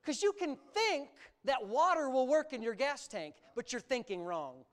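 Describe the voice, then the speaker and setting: A preacher delivers a sermon with a very lively, swooping pitch that rises and falls all the time. The delivery is emphatic and animated, drawing out key words and slipping in sarcastic asides. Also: moderate pace.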